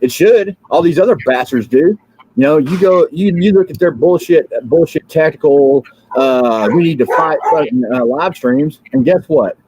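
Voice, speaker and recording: A man's voice: fairly high pitch, moderate pace, warm tone, a little hiss or hum, poor audio. A drowsy man from the United States hosting a livestream, ranting in a fiery, repetitive way with many fillers and restarts. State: drowsy, just woken up. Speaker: livestream host. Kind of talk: rambling political livestream rant.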